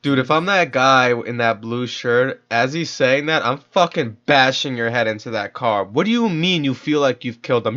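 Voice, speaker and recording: A man's voice: mid-range voice, expressive, moderate pace, hardly any pauses, sharp tone. A young man reacting to a video in casual commentary, heated and profane, full of slang. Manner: heated, profane, slangy, keeps saying dude and bro. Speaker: streamer reacting to a true-crime video. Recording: dull lo-fi audio.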